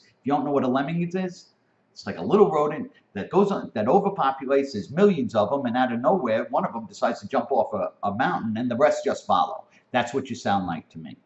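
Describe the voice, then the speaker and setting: A man in a heated, profane rant, his voice swinging widely in pitch as it climbs toward a near-shout. The recording is dull and lo-fi. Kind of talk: impassioned spoken rant.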